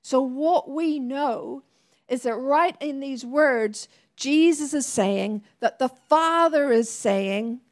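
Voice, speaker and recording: A woman's voice: high voice, takes it slowly. A woman preacher delivering a sermon in an earnest, conversational way with laughing asides.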